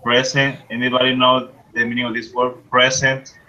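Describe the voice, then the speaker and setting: A male English teacher in an online class, slowly repeating words to model their pronunciation on a video call. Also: mid-range voice, monotone, pushed and bright, highs cut off. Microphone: computer mic on a video call. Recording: faint background noise on a call.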